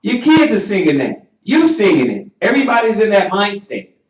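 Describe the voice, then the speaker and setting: A very animated, high-voiced man with a Southern US accent teaches a class as if delivering a sermon, in an echoey room. Preachy and emphatic, he rises close to shouting and lingers on repeated questions. The sound is muffled and roomy, picked up from far off the mic.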